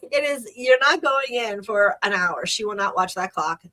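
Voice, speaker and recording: A woman hosts a solo podcast, talking casually in a chatty, rambling, enthusiastic manner. Her medium-pitched voice has a sharp tone and lively intonation, at a moderate pace.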